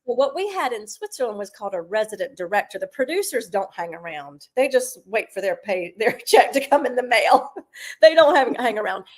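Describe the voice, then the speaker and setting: A middle-aged woman from South Carolina, a Broadway singer chatting as a guest and telling stories with lively, half-sung bits. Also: a little high, fairly quick. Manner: animated storyteller, sings snatches of lines. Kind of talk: casual interview chat.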